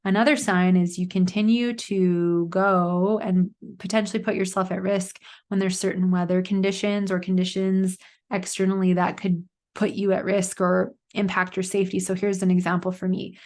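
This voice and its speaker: A woman's voice: mid-range voice, flat delivery, moderate pace, darkish tone. A woman in her thirties hosting a solo podcast, telling a personal story in a chatty way with lots of fillers. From Canada. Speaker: podcast host. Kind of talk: casual solo podcast monologue.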